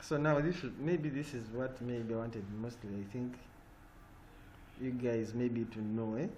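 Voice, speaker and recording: A man's voice: medium pitch, steady tone, unhurried, a little mellow. A man teaching an online design class. He stops often to check in with "eh?" and "yeah?". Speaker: design trainer. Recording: noisy online call audio.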